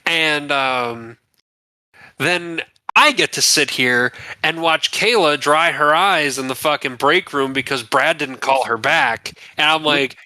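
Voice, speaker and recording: A man's voice: a little high, slow pace, bright, forceful tone, no echo. A man in his twenties co-hosting a podcast, telling crude joking stories in casual chat. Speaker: podcast co-host.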